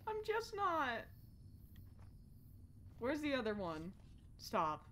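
High, bright-voiced woman streamer, jumpy and profane. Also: huge pitch swings, extremely slow, a little hiss or hum. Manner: jumpy and profane, swings from muttering to shouting. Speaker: streamer playing horror games. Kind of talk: live-stream gameplay commentary.

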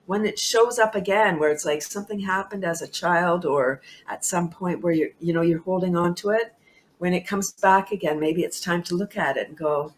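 A woman's voice: on the low side, moderate pace. A woman guest on a talk show, speaking with bubbly enthusiasm, laughing often and repeating herself for emphasis.

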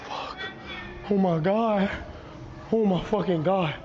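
A young man live-streaming through a haunted house, loud and panicky, swearing and yelling as he goes. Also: sits high, slow pace. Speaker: livestreamer. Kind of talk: frantic live-stream reactions. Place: indoor haunted house attraction. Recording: dull lo-fi stream audio, noisy.

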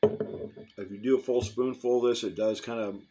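A man's voice: medium pitch, normal speed. A man casually reviewing hot sauce, rambling between bites and sips. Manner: relaxed, rambling, eating and sipping while talking.

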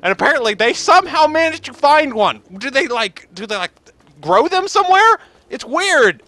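A man's voice: very high-pitched, sing-song, normal speed, pushed and bright, dry recording. A man rambling sarcastically and joking while commenting on his gameplay. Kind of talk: let's play commentary.

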